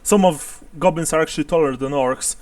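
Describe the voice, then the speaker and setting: A man's voice: fairly high pitch, a little fast, darkish tone, dry recording, recorded from a distance. A man narrating a tabletop role-playing game as game master, chuckling often as he describes scenes.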